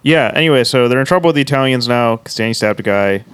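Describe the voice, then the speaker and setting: A man's voice: mid-range voice, animated, fast talker, fairly bright tone, smooth. A man co-hosting a podcast, recapping a show in casual, joking chat and laughing often. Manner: laughs often, recaps plot with acted quotes.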